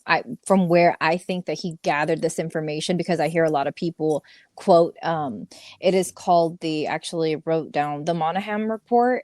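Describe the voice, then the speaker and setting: A woman's voice: deep voice, a little mellow, dry recording, clean studio sound. A woman on a panel explaining research with dates and references, reading from her notes. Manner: informative, cites notes and dates. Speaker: panel guest. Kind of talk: casual panel discussion.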